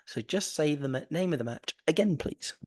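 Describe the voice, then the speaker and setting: A man's voice: on the high side, lively intonation, normal speed, darkish tone, dry recording, clean studio sound. A man co-hosting a casual podcast chat, enthusiastic and rambling, often repeating himself. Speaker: podcast co-host.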